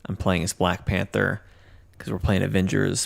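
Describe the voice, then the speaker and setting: Man, stream host, gravelly, lowish pitch, upbeat casual gaming chat. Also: completely flat delivery, normal speed, no room sound, studio quality. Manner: upbeat, joking, reads chat aloud.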